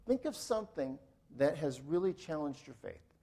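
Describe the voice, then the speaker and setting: Gravelly-voiced man preaching. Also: fairly high pitch, very animated, moderate pace. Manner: earnest storytelling, soft in prayer. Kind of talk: sermon testimony and prayer.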